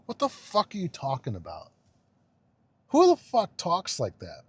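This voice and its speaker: A man's voice: on the high side, huge pitch swings, measured pace, breathy edge, no echo. Dude ranting in his car, dry close sound, swears a lot, rambles and scoffs. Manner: profane, rambling, scornful. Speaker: vlogger. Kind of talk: unedited car rant. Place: inside a car.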